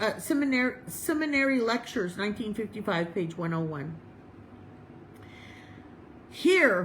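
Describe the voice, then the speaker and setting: Woman chaplain, sermon, higher voice, unhurried delivery, faint hiss behind. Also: fairly bright tone, low-quality recording. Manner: reads slowly and deliberately, then chats with fillers and restarts. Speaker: chaplain and reverend. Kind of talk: informal sermon with reading and personal story.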